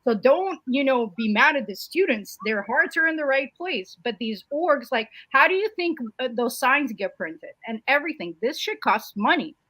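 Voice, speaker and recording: Hesitant, bright-voiced woman co-host. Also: high-pitched, expressive, normal speed, few pauses, dry recording. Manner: hesitant, with many "uh" fillers and restarts. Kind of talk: livestream political commentary.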